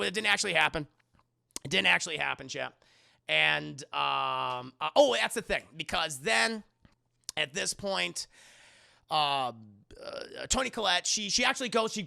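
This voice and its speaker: A man recapping a movie on a live stream in a casual, profane, animated way, acting out the scenes as he goes. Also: high-pitched, creaky, no echo, clean studio sound.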